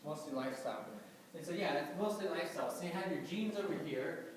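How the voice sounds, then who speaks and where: A man's voice: a little high, lively intonation, fast. Man lecturing in an echoey room. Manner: casual, filler-heavy, asks the audience questions. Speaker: doctor giving a health talk. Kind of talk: informal lecture to a live audience. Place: room with a live audience. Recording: very echoey room, mic far off, faint background hum.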